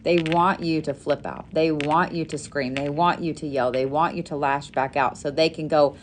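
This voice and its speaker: A woman hosting a casual live stream, telling stories with lots of swearing and lively asides to her audience. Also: low-pitched, moderate pace, few pauses, slight background noise. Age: adult parent. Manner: animated storytelling, frequent swearing. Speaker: live-stream host making custom bracelets.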